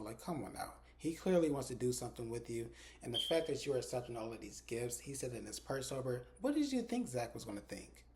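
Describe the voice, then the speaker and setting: A man's voice: mid-range voice, darkish tone. Chatty man recapping a TV episode. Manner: chatty, retells dialogue with lots of "like"; blunt, swears freely. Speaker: TV episode reviewer. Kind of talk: casual recap vlog.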